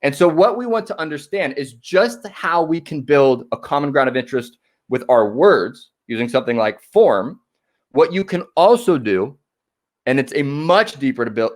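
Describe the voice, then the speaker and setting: A man giving a motivational talk on connection as a workshop presenter. He ends nearly every sentence with "right?" and acts out short conversations. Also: medium pitch. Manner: acts out small dialogues in shifting voices.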